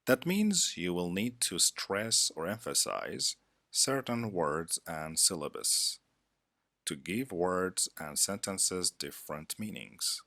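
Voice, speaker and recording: Deep-voiced, slow-talking male English teacher. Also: very animated, bright, forceful tone, dry recording, studio quality. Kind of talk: scripted lesson narration.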